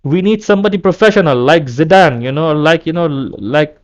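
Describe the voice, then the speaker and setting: A man's voice: on the high side, fairly quick. A man vlogging an angry, repetitive fan rant, often restarting his sentences.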